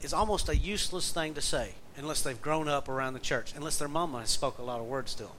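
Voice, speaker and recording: A pastor and jail minister gives a conversational sermon, speaking fast in an easy, folksy way, his fairly bright voice a little high for a man. He weaves stories and wry, joking asides into the message. The rough recording has a faint hiss underneath.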